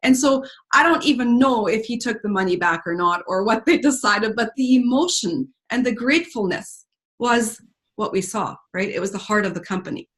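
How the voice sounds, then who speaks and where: A woman's voice: a little high, lively intonation, normal speed, fairly bright tone. A woman telling an emotional story to a group in an earnest, talkative way, with many fillers. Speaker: speaker at a team retreat.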